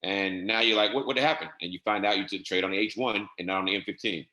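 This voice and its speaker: A man walking viewers through trading software settings step by step in a casual, repetitive way. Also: deep voice, flat delivery, quick pace, reverberant. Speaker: trading instructor. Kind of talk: screen-share software tutorial.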